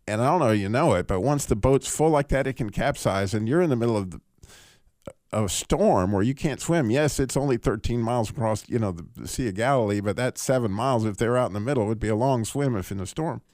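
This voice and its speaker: A man with a medium-pitched voice hosts a radio call-in show, walking through a Bible passage in a loose, lively way at a quick pace. He laughs a lot and keeps restarting sentences, captured in clean, dry studio sound.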